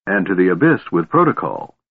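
An imperious young elf woman general, cold and proud, as a male narrator puts her on. Her lines sit higher than his usual low register, with a lively, sharp edge. The audio is thin and phone-like. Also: brisk, breathy edge, heavily acted.

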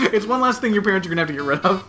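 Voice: medium pitch, animated, rapid-fire, bright, forceful tone, soft background music. A podcast co-host in casual comedic chat who laughs often, swears freely and quotes characters in offhand voices.

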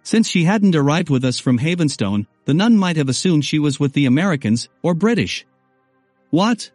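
Guy reading a story out loud, wry and chatty, fairly high pitch, dry close sound. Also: lively intonation, fairly quick, no echo, faint music behind. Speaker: narrator. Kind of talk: first-person audiobook narration.

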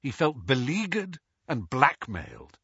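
A man reading an audiobook in a measured, expressive way. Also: medium pitch, breathy edge, no echo, lo-fi sound. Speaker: audiobook narrator. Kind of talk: audiobook narration.

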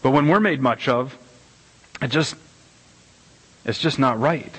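A middle-aged man preaching a casual, conversational sermon as pastor, animated and rambling, with many restarts and repeated words. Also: medium pitch, a little slow, husky, low-quality recording. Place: church sanctuary.

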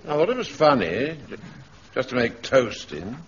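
Polite, hesitant sergeant, lively pitch, dull archive sound. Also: male voice, a little slow, heavy background noise. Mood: mild polite. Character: mild, hesitant gentlemanly sergeant. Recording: dull archive radio recording with audience laughter.

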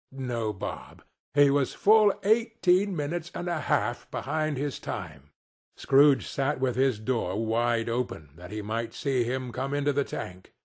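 A man narrating an audiobook in an expressive, unhurried storytelling manner. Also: mid-range voice, husky.

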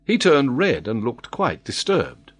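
A man narrating a classic adventure novel in a measured, expressive reading. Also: medium pitch, husky. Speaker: audiobook narrator.

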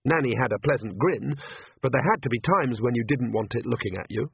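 A man's voice: mid-range voice, a little fast, vocal fry, husky, no echo. A man narrating an audiobook with wry, dry storytelling, on a tinny phone-like recording.

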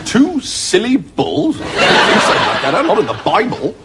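A dim, jolly upper-class prince. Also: male voice, high-pitched, wildly swooping pitch, unhurried, heavily acted. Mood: baffled. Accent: upper-class English. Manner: hearty, bumbling and dim. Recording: hissy old TV recording.

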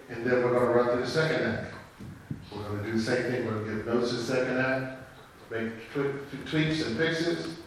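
A man's voice: medium pitch, slight background noise. A man leading a rehearsal, encouraging the cast and laying out the plan step by step. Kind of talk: rehearsal briefing. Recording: echoey room, taped from far off.

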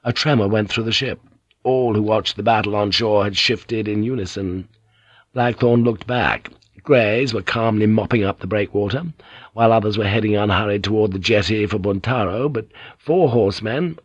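A male audiobook narrator reads scripted narration in a low, breathy-edged voice, keeping an even, measured delivery. The sound is dry and close with no room echo, and the recording has a dull, lo-fi quality.

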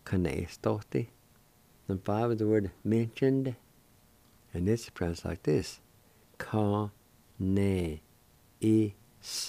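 A man's voice: on the low side, slow pace, creaky, pauses often, mellow. A man hosting a radio language lesson, spelling out words letter by letter and sounding them out syllable by syllable. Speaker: Cherokee language teacher and radio host.

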